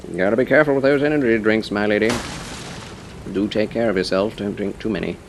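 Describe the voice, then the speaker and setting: A man streaming a game live, chatting casually and politely with his viewers, with quick laughs and muttered asides. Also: fairly low pitch, steady tone, slight background noise. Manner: chatty, answers chat, playful and polite.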